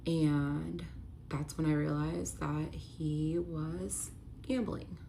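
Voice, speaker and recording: A young woman, a real estate agent, tells her personal story to her phone camera candidly and earnestly, sprinkling "like" throughout. Her low, creaky, warm voice keeps a fairly even intonation at an extremely slow pace, with a little hiss or hum in the audio.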